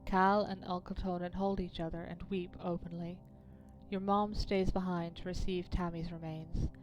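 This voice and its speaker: A woman's voice: lowish voice, level tone, normal speed, darkish tone, lo-fi sound. Wry woman streamer over game music. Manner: wry, swearing asides to chat. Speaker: streamer reading a narrative game aloud. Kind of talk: game narration with voiced characters and asides.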